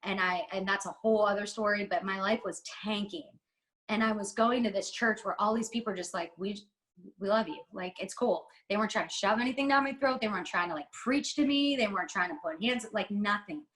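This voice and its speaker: A woman's voice: mid-range voice, quick pace, fairly bright tone, rough recording. A woman from the United States, a podcast guest, talking candidly in an interview with a heartfelt, rambling and emphatic manner.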